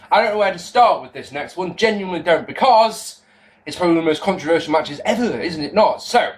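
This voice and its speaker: A young man giving a casual spoken review to camera, rambling, excitable and often breaking off mid-sentence. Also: on the high side, slight background noise. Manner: rambling, self-interrupting, excitable. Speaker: wrestling video reviewer.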